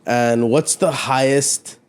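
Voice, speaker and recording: A man's voice: mid-range voice, steady tone, slow pace, smooth. A man from the Toronto area co-hosting a casual real estate podcast, talking loosely and laughing easily. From Canada, Ontario (Mississauga area). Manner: loose and conversational, many "you know what I mean" fillers, laughs easily. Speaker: podcast co-host, realtor. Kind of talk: casual chat.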